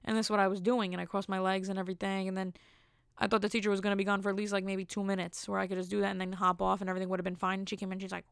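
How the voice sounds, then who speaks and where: Young female podcast host, casual solo storyteller, gravelly fry, dry close mic, rambling and self-amused. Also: medium pitch, flat delivery, rapid-fire, no room sound.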